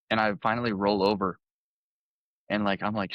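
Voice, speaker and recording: Chill young guy on a podcast, lowish voice, rambling story with lots of "like", dry close mic. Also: steady tone, fast talker, a bit bright, no echo, lo-fi sound. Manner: laid-back, lots of "like", acts out quotes. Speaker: podcast guest, college baseball player. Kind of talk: casual storytelling.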